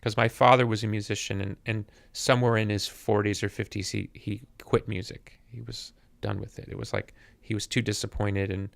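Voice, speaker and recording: A musician in his fifties reflects thoughtfully as a podcast guest, often repeating words while searching for them. His fairly low voice is creaky and level, a little fast with few pauses, and the podcast mic recording is dry.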